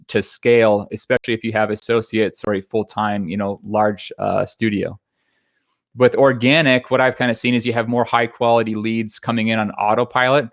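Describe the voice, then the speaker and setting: A man in his thirties, a photography business coach, giving a quick, conversational webinar talk with frequent fillers and restarts. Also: fairly low pitch, no room sound, studio quality. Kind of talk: webinar presentation.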